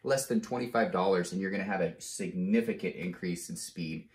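Male tech tutorial host, deliberate step-by-step delivery, roomy echo. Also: deep voice. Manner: slow, deliberate step-by-step explaining; frequent "okay?" check-ins. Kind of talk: casual how-to demonstration. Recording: roomy, echoey room sound.

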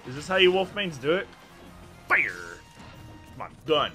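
A fairly high-voiced man calls his own gameplay with excitable energy, yelling and laughing at the plays. His tone is bright and sharp, with pitch that leaps all over the place. Faint game music plays underneath. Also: quick pace. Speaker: gaming channel host.

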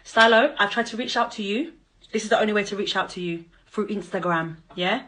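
A woman ranting at her child's father on a live stream, confrontational and mocking, swearing and bursting into loud laughter. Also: medium pitch, fairly quick, poor audio. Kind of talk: angry live-stream rant.

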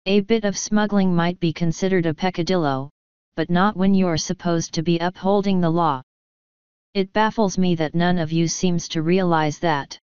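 A woman reading the part of a retired older male colonel, speaking in a measured, wry and quietly scornful way. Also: fairly low pitch, steady tone, clean tone, no echo, natural voice. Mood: dry wry. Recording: dull lo-fi sound.

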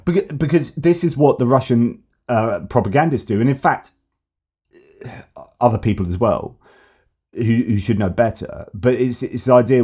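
A middle-aged man hosting news commentary, talking in an animated, argumentative way. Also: mid-range voice, moderate pace, husky.

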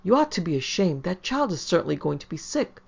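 A woman reading the lines of a proud, brisk city wife who has moved to the country, in a prim, commanding manner. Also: deep voice, creaky, a little mellow, heavily acted. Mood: urgent, scolding. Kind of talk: audiobook character voice. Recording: slightly dull lo-fi audio.

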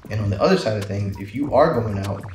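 A man's voice: on the low side, lively intonation, quick pace, darkish tone. A man talking casually to camera in a loose, rambling way, telling a story with lots of fillers and restarts. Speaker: vlogger. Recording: roomy echo, faint music behind.

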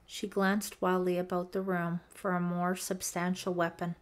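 A woman narrating a teen horror audiobook in a measured, suspenseful reading. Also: fairly low pitch, little pitch movement. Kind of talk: scripted narration.

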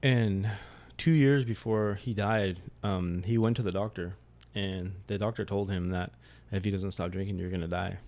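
A man's voice: low-pitched, fairly even intonation, normal speed, few pauses, a little mellow. A man speaking as a podcast guest, telling a candid story about grief in a blunt, plainspoken way.

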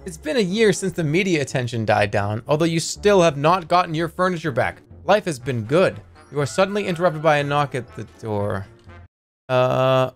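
A man's voice: medium pitch, animated, normal speed, soft background music. Wry streamer man reading game text. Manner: wry, joking, swears freely.

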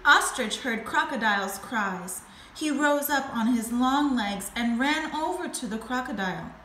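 Woman teacher reading a storybook aloud to a class, bright voice, echoey room, faint hiss. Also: on the high side. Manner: slow, expressive reading.

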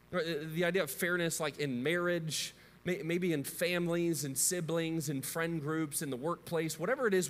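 A man's voice: on the high side, fairly bright tone. A man in his thirties with a Midwest American accent, preaching a sermon in a chatty, questioning way. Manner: conversational, asks the audience questions. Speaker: pastor. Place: church sanctuary. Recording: long hall reverb.

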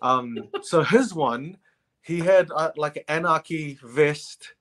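A man's voice: a little high, takes it slowly, fairly bright tone. A man being interviewed as a guest rugby player, chatting in a friendly way and laughing often. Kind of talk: casual interview chat.

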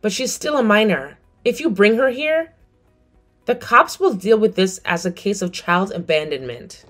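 A woman's voice: mid-range voice, animated, normal speed, fairly bright tone, soft background music. A middle-aged woman narrating her story and speaking coldly and firmly to her family. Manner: cold, firm. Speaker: narrator and mother.

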